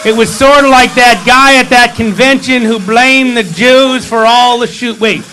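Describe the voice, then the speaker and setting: A man's voice: very high-pitched, steady tone, a little slow, bright, forceful tone, slight background noise, poor audio. A man leading a service, telling a holiday story with humor and playful asides in a sanctuary. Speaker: service leader.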